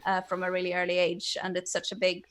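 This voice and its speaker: A woman's voice: on the low side, completely flat delivery, fast talker, fairly bright tone. Swedish-born woman in her twenties, casual podcast co-host, chatty, loose restarts. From Sweden. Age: young adult. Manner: chatty, laughs easily, trailing restarts. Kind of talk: casual chat.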